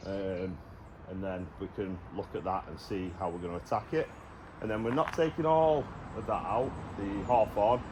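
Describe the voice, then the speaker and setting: A man chatting casually to camera while clearing land outdoors. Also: lowish voice. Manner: chatty, jokey, talks to camera while working. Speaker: vlogger. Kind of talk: casual outdoor vlog chat. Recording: noisy outdoor background.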